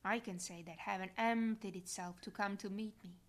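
A woman voicing a tender, motherly heavenly queen in a slow, gentle devotional reading that drops to soft whispers. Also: medium pitch, steady tone, pitched below the performer's own voice, close to an everyday voice.

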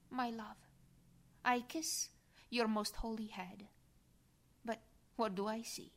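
Reading a devotional prayer, a woman keeps her somewhat high voice gentle and reverent. At moments it sinks into a breathy whisper.

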